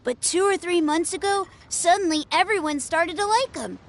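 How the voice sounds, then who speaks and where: A woman voicing an eager, easily flattered young girl who fancies herself a sword master, in video game dialogue. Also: very high voice, normal speed. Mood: chatty. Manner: bouncy, excited, easily flattered.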